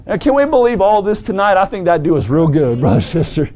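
A man preaching a sermon in a folksy manner, calling the congregation brother and sister and rising to shouts. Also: sits high, very animated, fast talker, soft background music. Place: church service.

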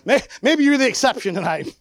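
A preacher giving an animated sermon, acting out the people in the story and swinging between loud and quiet. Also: high-pitched, slight background noise. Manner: animated, acts out the people it quotes.

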